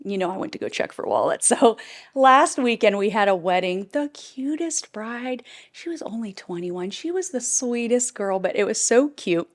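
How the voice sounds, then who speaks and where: A bubbly middle-aged woman talks her viewers through a try-on haul, gushing and laughing often. Her voice sits a little on the high side. She speaks into a clip-on mic indoors. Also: expressive, moderate pace. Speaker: fashion vlogger. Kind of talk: casual try-on haul chat.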